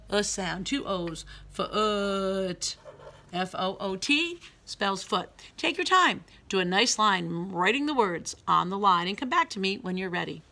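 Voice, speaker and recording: A woman preschool teacher leading a phonics lesson for young children, sounding out letters slowly in a sing-song way. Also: medium pitch, sharp tone.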